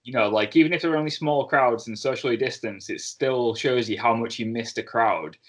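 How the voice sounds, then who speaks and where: A man's voice: mid-range voice, a little fast. A man hosting an interview, chatting in a friendly way and giving long setups before his questions. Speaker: podcast host and interviewer. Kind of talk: casual interview chat.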